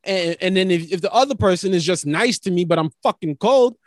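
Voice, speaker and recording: High-voiced new guy talking it out, cusses a lot, dry close sound. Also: animated, a little fast, no room sound. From New York. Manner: casual, profane, reflective. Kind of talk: casual chat.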